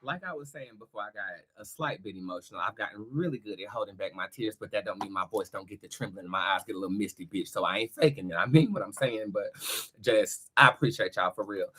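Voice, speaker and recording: A man's voice: lowish voice, quick pace, slight background noise. A man, hosting a live tarot stream in a brash, profane, chatty way. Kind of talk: casual live-stream monologue. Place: home studio. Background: loud music.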